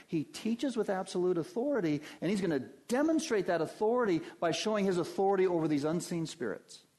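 A pastor delivers a forceful sermon to his congregation, speaking to them directly as his voice shifts from quiet and low to loud and high.

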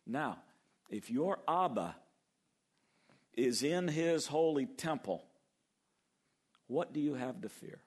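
An older man preaching a sermon, lively and acting out the quoted voices as he goes. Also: mid-range voice, takes it slowly, slightly rough. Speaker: pastor.

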